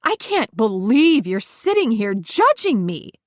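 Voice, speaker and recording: Brief: a grieving, defensive mother snapping back, read by a woman narrator, unhurried delivery. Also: on the high side, big pitch swings, no echo, clean studio sound. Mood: upset. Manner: sharp, indignant outbursts.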